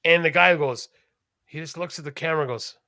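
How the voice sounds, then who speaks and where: A man co-hosting a podcast in casual chat, rambling, animated and profane. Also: a little high, a little fast, no room sound, clean studio sound. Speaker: podcast co-host.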